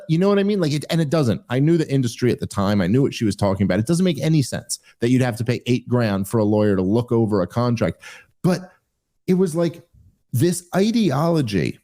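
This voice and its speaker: A man hosting a podcast, a stand-up comic telling a story in casual conversation, getting more animated as he grows indignant. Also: brisk. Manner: animated, rising higher when indignant.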